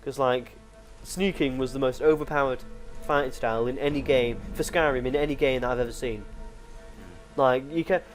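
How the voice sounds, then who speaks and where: A man's voice: medium pitch, fairly even intonation, normal speed, faint music behind. A young man co-hosting a casual gaming chat, rambling through stories with lots of restarts and "like". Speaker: co-host.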